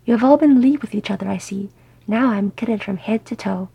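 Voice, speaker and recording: An earnest, touchy young dwarf man, proud and easily embarrassed, as a woman reader gives him voice. The tone is husky and gravelly, mellow and dark. It reads as a storybook character. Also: mid-range voice, fairly quick, dry recording, highs cut off. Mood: pleased.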